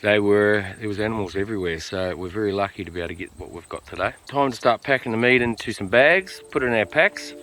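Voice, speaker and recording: A man talking to camera during a mountain hunt, relaxed and chatty, with plenty of ums and uhs, recorded outdoors on a steep slope. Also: on the low side, quick pace, hardly any pauses, rough recording. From Australia. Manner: relaxed, chatty, lots of filler words. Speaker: hunter filming a hunt. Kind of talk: casual on-camera hunting vlog.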